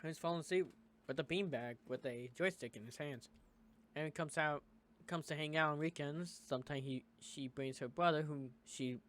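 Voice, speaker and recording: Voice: medium pitch, a bit bright. An American let's-play host reads a visual novel aloud, taking on each character in turn. Between lines he breaks off for short comments of his own. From United States. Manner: reads dialogue in shifting character voices with quick asides. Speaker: gaming YouTuber.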